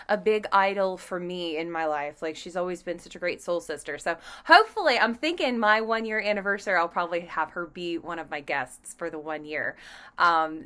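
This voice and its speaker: A bubbly woman in her thirties hosts her own podcast, chatting casually and playfully. Her voice is bright and clear, and her talk stays chatty and animated. She sounds relaxed and friendly with her listeners. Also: medium pitch. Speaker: podcast host. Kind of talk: casual solo podcast chat.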